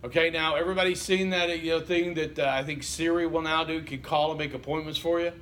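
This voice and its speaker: A man's voice: on the high side, steady tone, quick pace, fairly bright tone, a little hiss or hum. Chatty male instructor lecturing a class. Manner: conversational, asks the class questions, frequent okay and you know. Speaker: college instructor.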